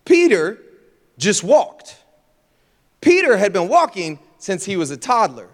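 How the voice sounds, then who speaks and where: Preaching a lighthearted sermon in a church auditorium, this young pastor talks in a high, sing-song voice at a moderate pace. He plays out voices and sound effects as he goes, and the recording echoes with the hall's reverb.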